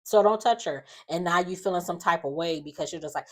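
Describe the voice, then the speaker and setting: A woman casually recapping a reality show, telling it in an animated, sassy way with slangy asides. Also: on the low side, a little fast.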